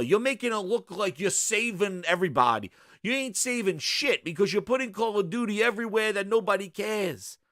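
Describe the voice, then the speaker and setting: A man's voice: sits high, fairly bright tone, dry recording, studio quality. A man hosting a gaming show, ranting with sarcasm and exasperation in casual commentary.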